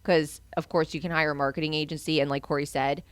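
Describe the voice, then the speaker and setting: A young woman with a low, smooth voice co-hosts a casual marketing podcast. She talks in an animated, earnest way, full of casual fillers. The sound is close and dry, with no room around her. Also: fast, no echo. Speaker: co-host.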